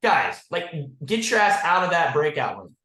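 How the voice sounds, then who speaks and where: Man, agency leader on a team call, blunt and profane, constant "like" and "guys", somewhat high voice, echoey room. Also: very animated, moderate pace, sharp tone. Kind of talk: motivational team call talk.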